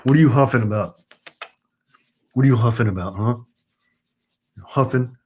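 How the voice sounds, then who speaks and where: A man's slightly mellow voice moves at a moderate pace as he, a middle-aged host, chats with viewers on a casual live stream from home. He also rants in exasperation, his voice going high-pitched.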